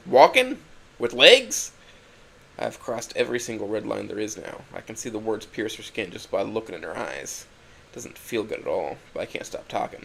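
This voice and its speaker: A man's voice: fairly low pitch, gravelly. A man narrating a first-person dramatic story, emotional and swinging from hurt to angry outbursts.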